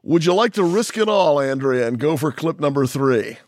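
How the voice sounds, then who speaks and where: A man's voice: a little high, lively intonation, normal speed, darkish tone, no room sound, studio quality. A man hosting a podcast, running a guessing game with wry, joking game-show patter. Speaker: podcast host. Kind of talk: casual podcast chat.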